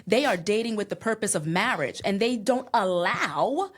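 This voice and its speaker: A woman's voice: mid-range voice, animated, moderate pace. A woman guest on a podcast, talking with emphatic conviction and faith. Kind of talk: casual conversation.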